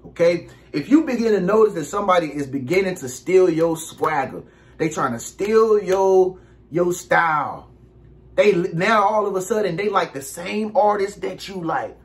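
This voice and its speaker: A man, giving casual relationship advice in an animated, preachy monologue. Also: high-pitched. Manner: animated, preachy, acts out quick impressions.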